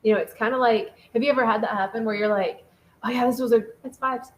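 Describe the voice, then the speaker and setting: A woman co-hosting a casual relationship talk show, chatty and animated, reading out listener comments. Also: on the high side, fast, poor audio. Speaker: podcast co-host.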